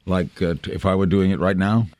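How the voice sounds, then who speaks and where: A man in his eighties from New York, a veteran broadcaster telling stories in a brisk, rambling interview chat. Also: low-pitched, little pitch movement, darkish tone, no echo. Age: 80s. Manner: brisk, anecdotal, jumps between thoughts.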